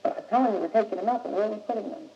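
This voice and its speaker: A man's voice: high voice, very fast, vocal fry. Young man, blunt impassioned speech, streetwise, faint hiss, roomy echo. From United States. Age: young adult. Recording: old muffled recording in an echoey room.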